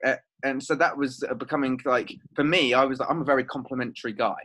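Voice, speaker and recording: A man's voice: mid-range voice, fairly even intonation, quick pace, a bit bright. A man in a casual conversation, talking hesitantly with many fillers.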